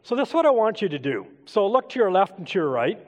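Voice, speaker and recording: Middle-aged pastor guy, pretty high voice, chatty sermon getting folks to join in, big echoey church hall. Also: very animated, fast talker. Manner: conversational, coaxing the congregation to take part. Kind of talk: interactive sermon. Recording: long hall reverb.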